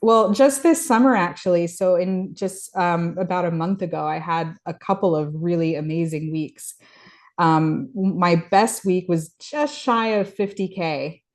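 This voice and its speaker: A woman speaks as an interview guest in a casual, conversational way. Her voice is a little low, and she uses fillers and repeats herself often. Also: a little slow. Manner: conversational, many fillers and restarts.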